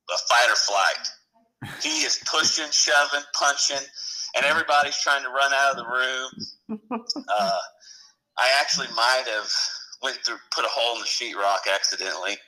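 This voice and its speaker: A retired firefighter, a middle-aged man, shares rambling station anecdotes in a casual storytelling interview. His medium-pitched voice is unhurried and sharp in tone, with long pauses, and the recording is rough. He chuckles and corrects himself as he goes.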